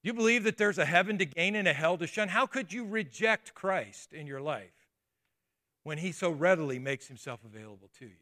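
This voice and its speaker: High-voiced, bright preaching man. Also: animated, a little fast. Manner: emphatic preaching with rhetorical questions to the congregation; conversational asides and restarts. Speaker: pastor. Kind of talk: sermon.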